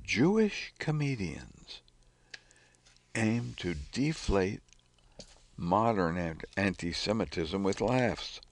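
A man reading news articles aloud in a measured, scripted way. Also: fairly low pitch, sing-song, creaky, dry recording.

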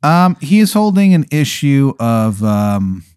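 A man narrating an improvised tabletop game as game master, with a deadpan, rambling delivery full of ums and likes. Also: mid-range voice, takes it slowly, smooth, no echo, studio quality.

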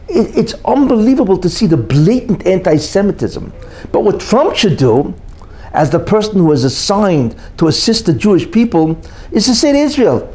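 A man's voice: sits high, big pitch swings, moderate pace, dark tone, husky. A man giving an opinionated monologue as a commentator, emphatic and full of rhetorical questions and repeated "you know".

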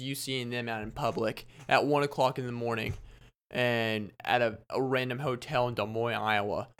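A man's voice: medium pitch, a bit bright, clear, resonant tone. A young man hosting a podcast, telling a story in a casual, rambling way and laughing often. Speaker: podcast host.

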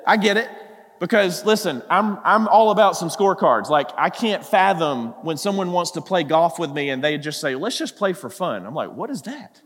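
A man preaching a sermon as pastor, animated and full of rhetorical questions. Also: high voice, long reverb tail.

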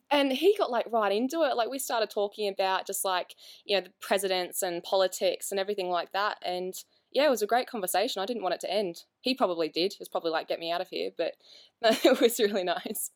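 A woman's voice: medium pitch, brisk. Woman, casual chat, self-deprecating, laughs often. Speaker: podcast guest.

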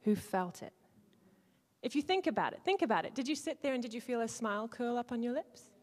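A woman leading an interactive teaching talk to a church group, playful, swinging between loud and hushed and acting out lines. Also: a little high, expressive, brisk. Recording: long hall reverb.

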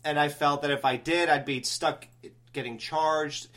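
A man with a fairly high voice hosts a casual podcast chat. He rambles through his story in an animated way, restarting his sentences as he goes. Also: measured pace. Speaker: podcast host.

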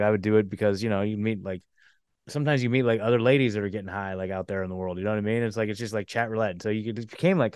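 A male podcast host with a lowish voice tells a story casually in a clean studio with no echo. He rambles, using lots of fillers and restarting sentences.

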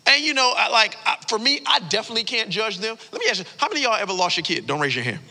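Animated high-voiced male pastor, gravelly edge. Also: rapid-fire, slight background noise. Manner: animated storytelling, casual slang, frequent "like" fillers. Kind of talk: sermon. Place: church sanctuary. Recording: long hall reverb.

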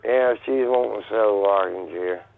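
A man's voice: fairly low pitch, normal speed, vocal fry. Confused, slurring man on a phone. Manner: confused, slurred, ain't got no. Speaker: seller on prank call. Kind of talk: phone call. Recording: tinny phone line with faint hiss.

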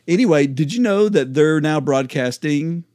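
Rambling middle-aged podcast co-host, dry sound. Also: male voice, fairly high pitch, lively intonation, normal speed, a little mellow, no echo. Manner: rambling, self-interrupting, laughs easily. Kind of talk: casual chat about Bible study.

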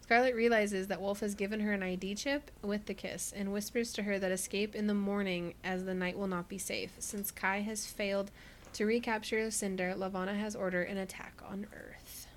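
A woman's voice: medium pitch, fairly even intonation, moderate pace, slight background noise. A woman co-hosting a podcast, recapping a book in a casual chat, who laughs often and says "like" a lot. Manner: chatty, laughs often, many "like" fillers. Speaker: podcast co-host.

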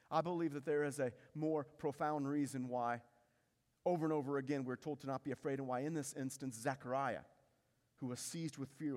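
A man preaching a sermon as pastor, building intensity through repetition and dropping low to stress key lines. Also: long reverb tail.

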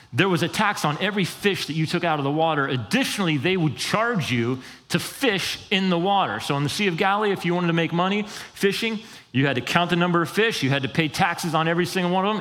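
A man giving a conversational sermon as pastor, animated and acting out quoted voices. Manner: animated, conversational, acts out quotes with pitch jumps. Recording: long hall reverb.

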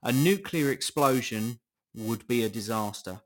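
A man's voice: medium pitch, animated, a little slow. A middle-aged man hosting a podcast, chatting casually in a sarcastic, incredulous tone and swearing often. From Britain. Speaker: podcast host. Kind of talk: casual solo podcast chat.

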